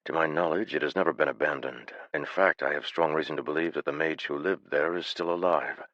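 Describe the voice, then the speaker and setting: A man voicing a calm, unflappable male adventurer leader who speaks flatly and matter-of-factly. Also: a bass voice, normal speed, dry recording, highs cut off, full character voice. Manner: calm, flat, matter-of-fact.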